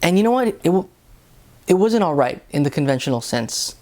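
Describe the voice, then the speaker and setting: An earnest man talks through the day's scripture readings in a relaxed, personal way. He speaks casually and restarts phrases often as he gathers his thoughts. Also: a little high, a little fast. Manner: earnest, conversational, with many restarts. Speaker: lay reflection host. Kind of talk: personal Bible reflection.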